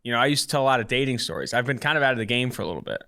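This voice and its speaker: A man, co-hosting a podcast and telling a long story in an animated, casual way. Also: medium pitch, rapid-fire, vocal fry, clean tone. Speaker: podcast co-host.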